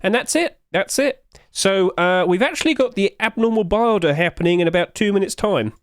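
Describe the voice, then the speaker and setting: Quick rambling man, dry mic. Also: high-pitched, lively intonation, dry recording. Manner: quick, rambling, self-correcting, chuckles often. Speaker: gaming channel host. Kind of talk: casual market commentary.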